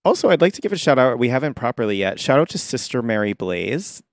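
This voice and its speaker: A man co-hosting a pop culture podcast, talking in a wry, relaxed way. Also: mid-range voice, quick pace, dry recording, studio quality. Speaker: podcast co-host. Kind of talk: casual chat.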